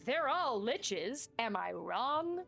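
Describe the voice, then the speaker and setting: Young woman rambling thru a game stream, bouncy lively voice, kinda high, faint music behind. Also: takes it slowly, vocal fry. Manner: playful, rambling, lots of "like". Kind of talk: casual gameplay commentary.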